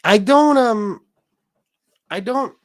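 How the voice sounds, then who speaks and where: A man's voice: high-pitched, extremely slow, no echo, studio quality. A man hosting a casual livestream, reading viewer comments aloud and ranting bluntly with plenty of swearing. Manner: blunt, profane, animated rants. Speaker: livestream host.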